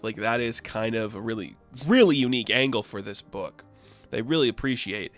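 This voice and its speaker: A man's voice: on the low side, expressive, fairly quick, fairly bright tone. Man, casual review vlog, rambling, filler-heavy, faint music underneath. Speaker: comic book reviewer.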